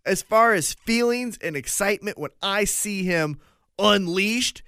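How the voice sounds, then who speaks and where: A man co-hosting a podcast, chatting casually and excitably, swearing freely and acting out lines he quotes. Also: sits high, unhurried, clear, resonant tone, dry recording, clean studio sound. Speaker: podcast co-host. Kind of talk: casual chat.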